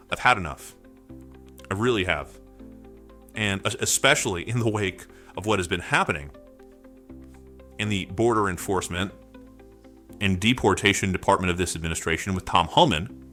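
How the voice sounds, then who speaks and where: A man rants about politics in a furious, profane, emphatic way. His voice is low and bright, with a forceful edge. Music plays faintly underneath. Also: moderate pace, pauses often. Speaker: political commentator. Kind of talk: angry political rant.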